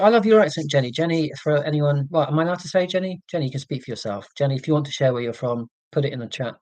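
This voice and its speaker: A livestream host from England with a received pronunciation accent chats casually with viewers, reading and answering their messages and saying um a lot. His voice runs on the high side with a darkish tone, captured dry on a computer mic in poor audio.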